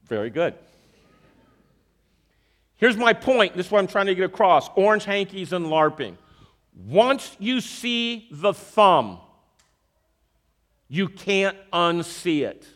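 Using a magic trick to illustrate his sermon, a man speaks in a high voice at a slow pace with long pauses. He keeps the audience involved with frequent questions and repeats verses to drive them home, all in an animated style.

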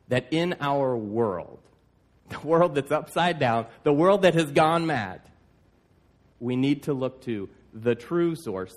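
A male pastor preaching a sermon, emphatic, with stammered restarts and "like, like". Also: mid-range voice.

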